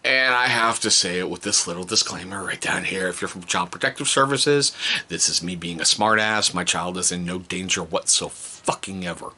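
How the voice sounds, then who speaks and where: A middle-aged man telling stories about his kids in a casual, joking vlog. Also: moderate pace. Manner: animated, jokey, mimics his kids in high voices. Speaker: vlogger, father.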